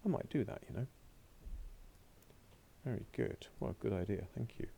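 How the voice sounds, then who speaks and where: This recorded remote French lesson features a man whose voice is low, rough, and mellow, speaking expressively at a normal rate. Working from a laptop at home or a classroom desk, he keeps up a chatty running commentary to himself as the slides advance.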